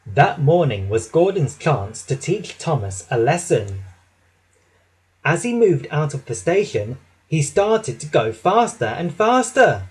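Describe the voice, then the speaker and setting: Slow, expressive male storybook reader. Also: fairly high pitch, breathy edge, rough recording. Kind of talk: children's story narration.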